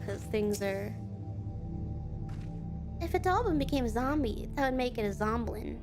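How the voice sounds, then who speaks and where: A young adult woman talks through a game she is streaming, chatty and playful, with loose, frequent swearing. Her voice sits somewhat high, with faint game music underneath. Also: lively intonation, a little slow. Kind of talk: casual gameplay commentary.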